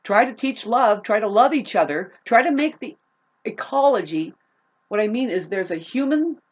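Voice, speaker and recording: A woman's voice: fairly high pitch, expressive, moderate pace. Profane ranting woman, dull lo-fi sound. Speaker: vlogger. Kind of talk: unscripted rant to camera.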